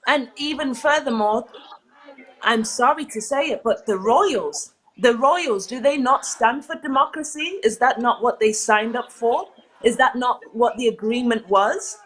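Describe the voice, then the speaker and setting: A woman's voice: on the high side, normal speed, fairly bright tone, poor audio. A woman from South Africa, a live-stream co-host, giving emotional, passionate commentary. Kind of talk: impassioned commentary.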